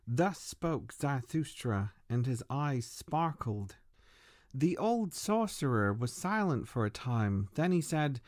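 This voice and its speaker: A man hosting a philosophy podcast, reading a book aloud in a slow, measured way. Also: medium pitch, lively intonation, darkish tone.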